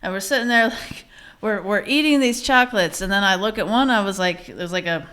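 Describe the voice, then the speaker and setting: A woman's voice: medium pitch, a little fast, fairly bright tone. A woman in her thirties co-hosting a podcast, telling a story in casual chat, laughing easily and swearing casually. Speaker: podcast co-host.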